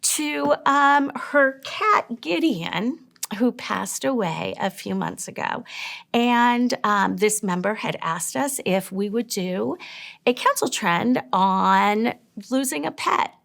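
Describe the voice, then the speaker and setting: Gravelly-voiced woman host, emotional. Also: a little high, lively intonation, takes it slowly, a bit bright. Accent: American. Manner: emotional, tearful at times. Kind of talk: casual discussion.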